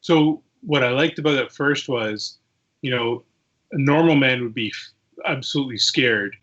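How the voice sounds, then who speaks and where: Low-key man on a dull line. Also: moderate pace, fairly bright tone. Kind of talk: casual book discussion.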